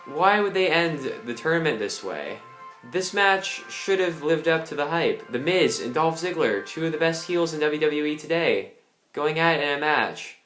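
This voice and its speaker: A man's voice: on the high side, expressive, normal speed, a bit bright, faint music behind. A young man giving a casual, angry ranting review, swearing a lot. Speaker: wrestling reviewer. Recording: roomy echo.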